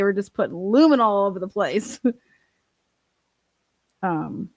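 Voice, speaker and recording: A woman's voice: mid-range voice, expressive, takes it slowly, pauses often, no echo. A woman hosting a casual true crime livestream, swearing freely, laughing and reading court documents aloud. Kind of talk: casual profane livestream commentary.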